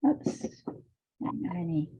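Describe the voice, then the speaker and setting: A woman's voice: moderate pace, mellow, muffled recording. A woman art teacher with a weak, strained voice, chatting and thinking aloud while she demonstrates drawing in a live online class, with plenty of fillers.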